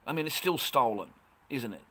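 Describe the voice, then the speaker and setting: A man's voice: medium pitch, lively intonation, moderate pace, bright, forceful tone, husky. Profane blunt Australian man in his fifties. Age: 50s. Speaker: livestream host. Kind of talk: casual livestream chat.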